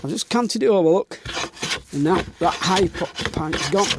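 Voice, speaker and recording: A Northern English man, slightly out of breath, gives blunt commentary on his woodworking as he works, muttering and swearing mildly now and then. His voice is high-pitched with lively intonation at a moderate pace, and workshop noise of planing, rubbing and wood comes through clearly.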